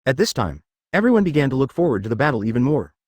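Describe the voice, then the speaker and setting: Man narrating a story with lively intonation. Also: mid-range voice, rapid-fire, no echo, clean studio sound. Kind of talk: scripted narration.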